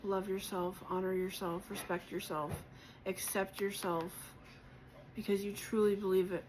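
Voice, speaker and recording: A woman giving a spiritual collective tarot reading, gentle and encouraging, reflective, with many pauses and fillers and moments of emotion. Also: medium pitch, little pitch movement, background noise. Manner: emotional at times. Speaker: tarot reader.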